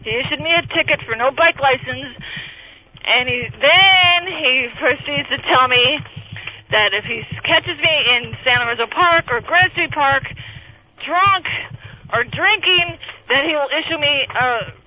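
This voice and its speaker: A woman calling in to a talk show, ranting in a profane, agitated, rambling way while high on drugs. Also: normal speed. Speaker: caller. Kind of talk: angry phone-in rant. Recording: tinny phone line.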